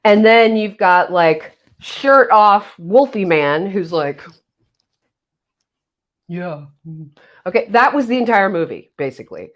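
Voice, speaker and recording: A woman's voice: medium pitch, animated, measured pace, hardly any pauses. Playful woman hosting a livestream chat. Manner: playful, jokey, exaggerated mock-solemn asides. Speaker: livestream host. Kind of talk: casual livestream chat reading comments. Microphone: webcam mic.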